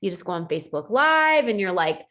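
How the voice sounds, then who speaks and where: A woman coaching her team in a lively motivational talk, dropping in lots of "like" and "right?". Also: medium pitch, fairly quick. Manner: animated, acts out quoted voices, frequent "like" and "right?". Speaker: network marketing team leader.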